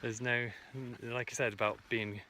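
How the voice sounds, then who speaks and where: A man's voice: mid-range voice, flat delivery, normal speed, bright, forceful tone, slight background noise. A man vlogging outdoors while hiking uphill, out of breath, talking in an earnest, rambling way about letting go of needing to be right. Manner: earnest, rambling, many fillers. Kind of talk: reflective self-help monologue. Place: outdoors on a hike.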